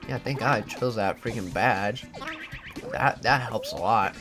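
A man hosting a video game let's play, talking to the game with sudden loud outbursts. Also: lowish voice, a little slow. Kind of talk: gameplay commentary. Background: game music.

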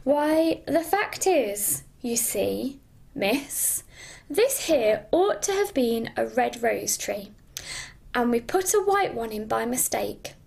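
Picture a jittery little card gardener from a storybook, as a woman reading aloud puts him on, pleading and apologetic in a rustic way. His voice sits high and swoops up and down with worry. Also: sing-song, takes it slowly, vocal fry, a little mellow, full character voice. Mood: anxious. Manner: anxious, apologetic, rustic speech. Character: nervous male playing-card gardener, humble.

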